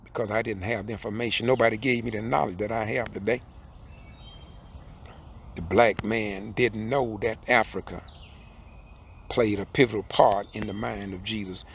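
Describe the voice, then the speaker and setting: A man's voice: on the low side, fairly even intonation, normal speed, creaky, long pauses, a little hiss or hum. Older man in his sixties, a preaching commentator who drives hard at each point from behind the wheel. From southern Georgia, USA. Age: 60s. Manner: fiery, preacherly, repeats points, rises to emphatic peaks. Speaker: independent video commentator. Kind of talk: impassioned preaching monologue. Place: in a car while driving.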